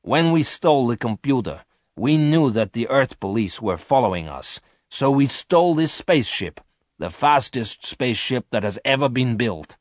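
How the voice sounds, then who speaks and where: A man's voice: medium pitch, sing-song, moderate pace, no room sound, pitched above the performer's own voice, close to an everyday voice. Guy doing a harsh bossy space thief, up-and-down voice, dry close sound. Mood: scheming. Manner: harsh, commanding. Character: ruthless male space thief leader.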